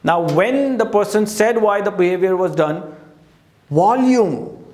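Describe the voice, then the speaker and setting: A man with a rather high voice coaches the listener in an earnest, direct way, often dropping in "you know". He speaks in an echoey room. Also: lively intonation, moderate pace. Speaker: life coach. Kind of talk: talk at a teaching board.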